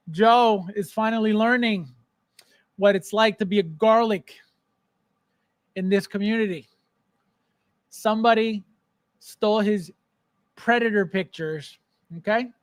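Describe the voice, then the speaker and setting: Man, high voice, dry close mic, casual livestream host, teasing and joking. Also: takes it slowly, pauses often, a bit bright, no echo. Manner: joking, teasing viewers by name. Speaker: podcast host.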